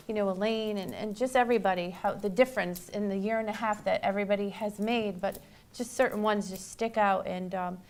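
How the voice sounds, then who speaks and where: A woman medium addresses the grief support group she leads. Her voice sits at a middle pitch, and her delivery is emotional and halting, full of fillers and restarts.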